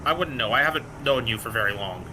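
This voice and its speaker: A man's voice: medium pitch, animated, quick pace, background noise. A man chatting playfully with a friend during a gaming stream. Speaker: streaming guest. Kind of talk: casual chat while gaming. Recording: music playing behind.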